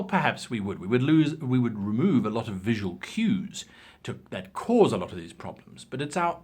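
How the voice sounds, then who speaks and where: A man's voice: mid-range voice, breathy edge. A man giving game-master tips in a casual, opinionated talk, acting out examples as he goes. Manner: animated, opinionated, acts out examples.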